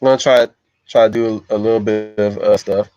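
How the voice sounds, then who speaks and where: Low-voiced man rambling on a stream. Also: steady tone, brisk, a little mellow, lo-fi sound, soft background music. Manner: rambling, stammers and repeats words. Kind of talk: casual livestream ramble.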